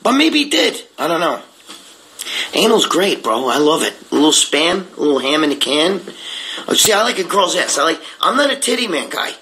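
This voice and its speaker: A man's voice: fairly high pitch, big pitch swings, moderate pace, bright, forceful tone, poor audio. An older man talking in an unfiltered live chat, rambling and blunt, swearing freely as he tells stories and answers viewer comments. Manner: rambling, profane, blunt storytelling. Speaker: guest reading viewer comments.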